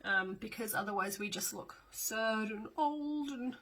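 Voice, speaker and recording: A woman's voice: fairly high pitch, measured pace, fairly bright tone, rough recording. A middle-aged woman, chatting casually through a step-by-step makeup demo with fillers and small asides. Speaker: makeup tutorial host.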